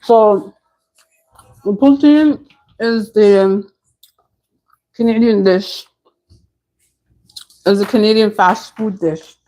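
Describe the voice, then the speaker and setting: A woman in the middle of a relaxed home live stream, chatting away with her viewers. She answers their comments as they come in, in an easygoing, conversational way. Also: mid-range voice, slow, pauses often, rough recording.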